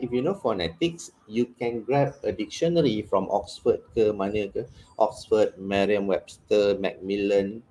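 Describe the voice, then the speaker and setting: A middle-aged man, an English trainer giving a lively workshop lecture with Malay asides. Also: on the low side, rough recording. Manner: animated teaching, switching into Malay asides.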